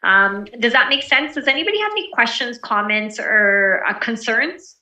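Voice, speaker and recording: A woman teaching a presentation skills class over a video call, relaxed and encouraging, with many fillers. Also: a little high, normal speed, echoey room, recorded from a distance, rough recording.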